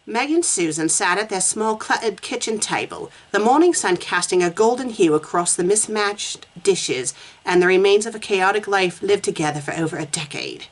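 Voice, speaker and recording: A woman's voice: medium pitch, animated, moderate pace. Sarcastic English woman reading aloud. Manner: sarcastic asides and laughter. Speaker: fanfiction reviewer. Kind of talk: reading a story aloud with commentary.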